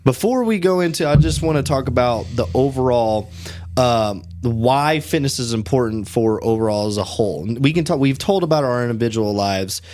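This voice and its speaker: A man's voice: mid-range voice, normal speed. A man in his twenties hosting a casual podcast, telling stories with lots of swearing and "bro" and "dude". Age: 20s. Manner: animated storytelling, heavy swearing, frequent "bro" and "dude". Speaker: podcast host.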